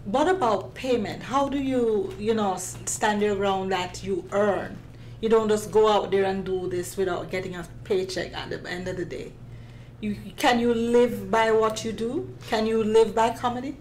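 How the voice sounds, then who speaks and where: A woman interviewer asking measured, probing questions. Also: medium pitch, fairly even intonation, a little mellow, a little hiss or hum, rough recording.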